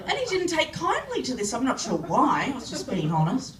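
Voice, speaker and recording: Aussie woman doing stand-up, high pitched and lively, slow delivery, echoey pub from far back, noisy. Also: over a noisy crowd. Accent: Australian. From Australia. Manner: self-deprecating, animated storytelling. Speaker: stand-up comedian. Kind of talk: stand-up comedy set. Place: pub comedy club. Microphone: phone camera from the audience.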